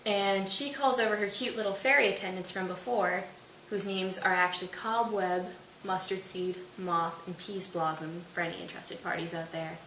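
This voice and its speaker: A woman's voice: lowish voice, fairly even intonation, moderate pace, pushed and bright. Chatty woman retelling a play. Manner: chatty, playful asides. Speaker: host. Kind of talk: casual plot explainer. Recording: roomy distant mic with hiss.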